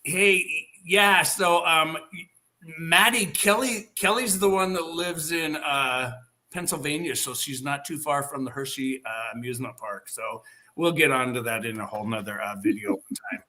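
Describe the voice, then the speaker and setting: Man, host, live video chat, rambling, lots of fillers, bright slightly high voice. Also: moderate pace. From Northern California. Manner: animated, rambling with many fillers. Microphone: video call.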